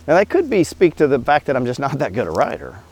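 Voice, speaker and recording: A man's voice: medium pitch, huge pitch swings, fast, a little mellow, breathy edge. A man giving a blunt, profane motivational talk about money, full of rhetorical questions. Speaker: host.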